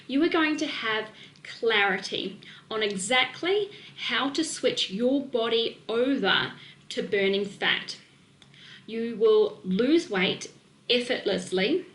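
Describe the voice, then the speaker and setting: Woman, New Zealand accent, webinar presenter; quick and technical, slightly high-pitched, echoey room. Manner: fast, excitable, technical talk with fillers. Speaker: nutrition coach presenting a webinar.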